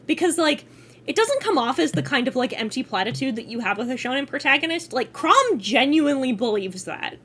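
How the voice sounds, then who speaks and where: A woman's voice: high-pitched, fairly bright tone. A woman streamer chatting casually on her stream, gushing with profanity and frequent laughter.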